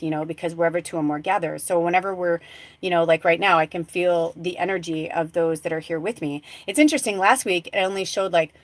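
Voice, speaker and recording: A woman hosting a live spiritual talk show, telling a rambling story full of fillers and restarts, going from hushed soft tones to excited exclamations. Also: fairly low pitch, dry recording. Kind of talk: casual live-stream monologue.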